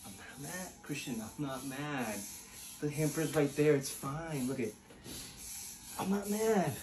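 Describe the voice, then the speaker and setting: A man's voice: a little high, lively intonation, a little slow, dark tone. A man playing a nagging, passive-aggressive young wife in a comedy sketch who keeps insisting she is not mad. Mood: sulking. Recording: echoey room, distant mic, background noise.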